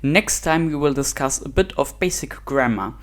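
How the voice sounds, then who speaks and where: Mid-pitched host, dry teasing humor, talks through a lesson. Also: animated, normal speed. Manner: wry, lightly teasing. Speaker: video host. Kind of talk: explainer narration.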